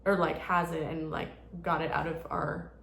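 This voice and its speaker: A woman's voice: low-pitched, level tone, moderate pace, creaky, fairly bright tone, echoey room, a little hiss or hum. A woman around thirty chatting casually in a rambling vlog, full of "like" fillers. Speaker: vlogger. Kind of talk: casual chat.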